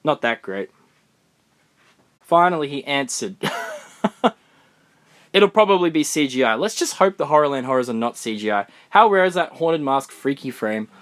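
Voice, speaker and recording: A young man from Australia chatting excitedly through a live Q&A stream, recorded on his phone in a room of books. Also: medium pitch, a little slow, pauses often. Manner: chatty, excitable, answers comments on the fly. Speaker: fan vlogger. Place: room full of books, indoors.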